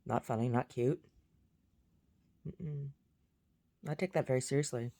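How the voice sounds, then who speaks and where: Brief: a woman with a deep, low voice, talking casually, blunt and agitated, heavy on profanity. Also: measured pace, dark tone. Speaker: vlogger. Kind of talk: casual vlog rant.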